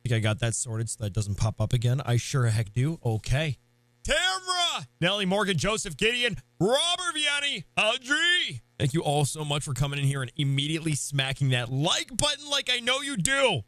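Hyped, high-voiced male game streamer. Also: big pitch swings, moderate pace, dry recording. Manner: hyped, playful, shouts greetings to chat. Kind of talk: live stream chat.

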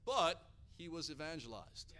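A man from Hawaii preaching a sermon, an energetic, animated storyteller. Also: fairly high pitch, moderate pace. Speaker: pastor.

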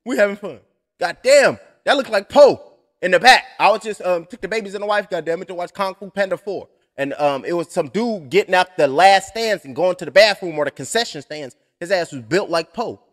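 A man's voice: sits high, lively intonation, a little fast. A young adult man calling a fight blow by blow on a live stream, rambling and cursing with joking asides. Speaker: fight commentator.

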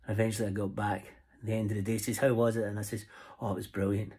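A middle-aged Scottish man, camping on the road, talks casually to camera in a rambling, jokey vlog about the flies he ties and sells. His voice sits on the low side with a dark, slightly rough tone, and he speaks rapid-fire in a level way.

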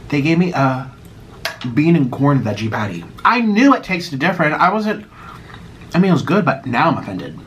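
American man, eating vlog chat, lively swooping voice, theatrical mock outrage, faint background hum. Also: fairly high pitch, moderate pace. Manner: animated, dramatic mock outrage. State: out of breath. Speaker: YouTuber eating on camera. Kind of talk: casual mukbang vlog chat.

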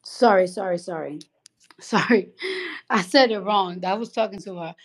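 A social media livestreamer with a New York accent talks casually at normal speed in a mid-range voice. She comes across blunt, profane and heated, rambling with lots of restarts.

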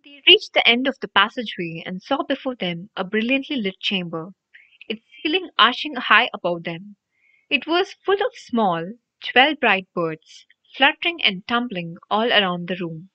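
Lively woman reading a storybook. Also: medium pitch, normal speed. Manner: animated, expressive reading. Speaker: audiobook reader. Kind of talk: scripted storybook narration. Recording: dry, dull lo-fi audio.

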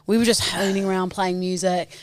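A young woman co-hosting a podcast, chatting casually and teasing her co-host with quick interjections. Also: lowish voice, little pitch movement. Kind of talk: casual chat.

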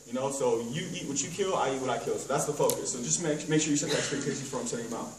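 A man's voice: medium pitch, rapid-fire, slight background noise. A man training a sales team at a meeting, casual and rambling, full of fillers and analogies, recorded from far off in an echoey hotel room.

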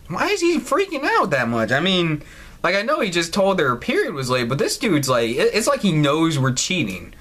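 A man hosting a gaming channel, doing loud, profane let's play commentary with lots of incredulous outbursts. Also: on the high side, huge pitch swings, moderate pace. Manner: loud, swearing, incredulous, laughs a lot.

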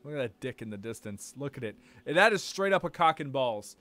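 A young man streaming a game live, swearing and reacting loudly to what happens on screen. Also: mid-range voice, sing-song, fairly quick.

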